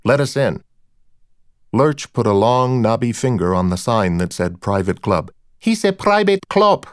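A man narrating a first-person audiobook in a measured, wry storytelling manner. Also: mid-range voice, a little mellow, no echo, studio quality.

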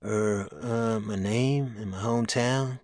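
A man's voice: lowish voice, steady tone, slow, darkish tone, no room sound. Man doing a stammering young caller. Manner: hesitant, stammering with ums and uhs. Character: nervous young male caller, hesitant and threatening. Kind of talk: audiobook character voice.

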